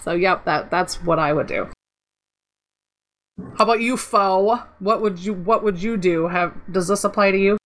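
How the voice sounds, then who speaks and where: Bright, animated woman telling stories. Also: medium pitch, normal speed. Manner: animated storytelling, frequent laughter, swearing. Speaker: podcast co-host. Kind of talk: casual podcast chat.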